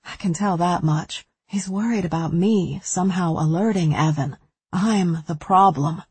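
A woman's voice: on the low side, measured pace, a little mellow, breathy edge, no echo. A woman reading a first-person thriller novel aloud with anxious tension. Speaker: audiobook narrator.

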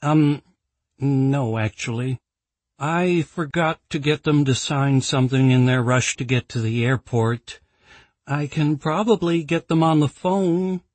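A man's voice: medium pitch, unhurried, a little mellow, no room sound, pitched above the performer's own voice, close to an everyday voice. A man voicing a sullen, resentful teenage schoolboy who talks in a dry, grumbling way. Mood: nervous.

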